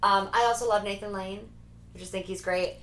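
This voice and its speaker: A woman chatting casually about movies, animated and laughing often. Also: mid-range voice, fairly quick. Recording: echoey room with faint noise.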